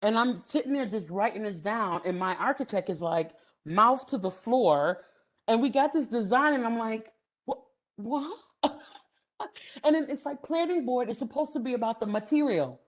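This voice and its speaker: A middle-aged woman gives a storytelling lecture, animated, laughing often and using many "um" fillers. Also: on the high side, normal speed. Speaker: housing development speaker.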